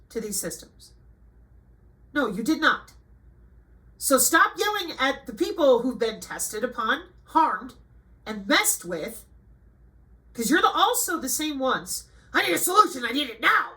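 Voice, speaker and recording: A woman with a sharp, high-sitting voice hosts a channel, reading a list aloud and ranting about it. She scolds and mocks, lurching from flat reading into emphatic outbursts, and the audio is poor.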